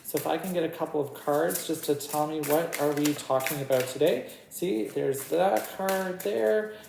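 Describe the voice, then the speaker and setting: A woman with a low, creaky voice talks at a normal speed while giving a casual tarot reading. She's chatty and giggly and even talks to her cards. The room is echoey with a faint background noise.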